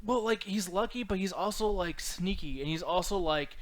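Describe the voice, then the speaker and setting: A man hosting a casual movie review chat, excitable and leading the discussion. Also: high-pitched, normal speed. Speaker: podcast host.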